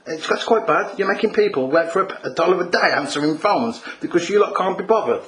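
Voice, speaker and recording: A man's voice: high voice, lively intonation, fairly quick, fairly bright tone, a little hiss or hum. A man making an irate, repetitive phone complaint as a customer, calling the agent mate.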